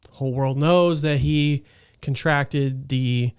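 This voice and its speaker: Smooth-voiced chatty man. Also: mid-range voice, steady tone, takes it slowly. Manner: rambling, chatty, laughs easily. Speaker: podcast host. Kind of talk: casual podcast chat.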